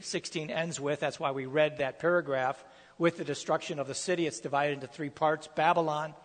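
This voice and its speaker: A pastor explaining scripture in a sermon, teaching with emphatic stresses. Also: male voice, on the high side, big-room sound.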